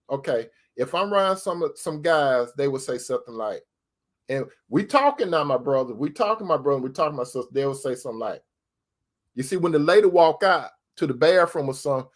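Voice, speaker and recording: Folksy preaching man, higher voice. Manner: folksy, repeats phrases, addresses brothers and sisters directly. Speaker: host. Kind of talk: casual preaching talk to viewers.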